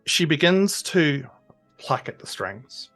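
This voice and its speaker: A man's voice: fairly high pitch, big pitch swings, takes it slowly, a bit bright, faint music behind. Man narrating a tabletop game. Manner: loose, descriptive storytelling with many fillers. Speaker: game master.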